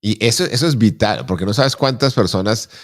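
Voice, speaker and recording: A middle-aged man hosts a chat show with a very low voice and a quick, rolling delivery. He asks questions and stumbles over repeated words while he thinks. The sound is close and dry. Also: no room sound. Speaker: show host. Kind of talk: conversational interview in Spanish.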